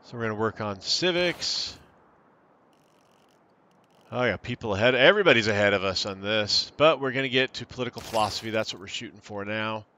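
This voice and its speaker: Man, gameplay commentary, bright forceful tone, reads menu options aloud. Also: lowish voice, a little fast, a little hiss or hum. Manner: thinks aloud while reading in-game text. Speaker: gaming channel host. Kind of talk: casual let's-play commentary.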